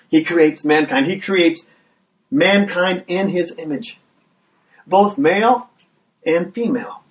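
A man preaching a sermon in a fairly high voice, earnest and plain, often stumbling over the first words of a phrase. He builds momentum with repeated questions to the listeners. The mic sits some way off from him. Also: distant mic, low-quality recording. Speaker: pastor.

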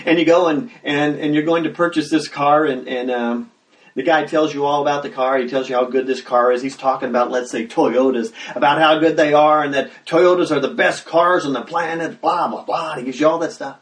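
A man preaching a sermon as pastor, talking conversationally and breaking into loud acted exclamations. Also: a little high, fairly even intonation, brisk. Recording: roomy sound, mic at a distance.

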